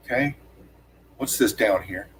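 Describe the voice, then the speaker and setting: A man hosting his own channel, urgently narrating over on-screen footage, swearing often and repeating his words as he points out details to his viewers. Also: slight background noise. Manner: urgent, profane, repeats "look at this" constantly; rapid emphatic pointing words like "bam" and "boom". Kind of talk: excited on-screen analysis commentary.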